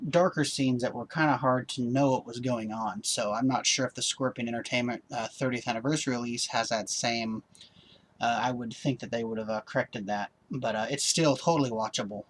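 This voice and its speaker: Laid-back guy reviewing a disc, mid-pitched, chatty, full of filler words. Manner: rambling, lots of ums and uhs; relaxed, upbeat. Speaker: home-video reviewer. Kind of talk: casual video review.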